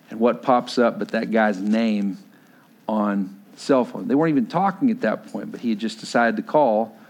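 A young adult man preaching a sermon as pastor, telling a personal story and building to loud, emphatic exhortation. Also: medium pitch.

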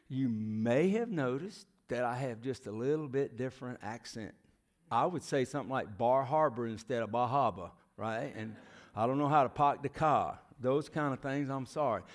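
Folksy man preaching in church, middle-aged, keeps asking the crowd questions. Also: medium pitch. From United States. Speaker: visiting missionary preacher. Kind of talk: sermon. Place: church sanctuary.

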